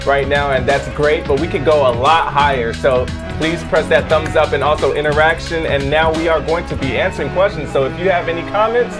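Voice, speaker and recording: Measured man reading viewer questions. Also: on the high side, over loud music. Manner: measured, reads out questions carefully. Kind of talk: live web show chat.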